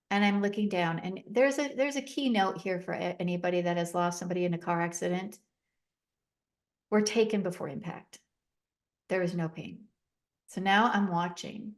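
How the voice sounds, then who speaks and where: A woman's voice: mid-range voice, normal speed, pauses often. A middle-aged woman telling a personal story as a podcast guest, recounting events vividly and acting out the dialogue with emotion.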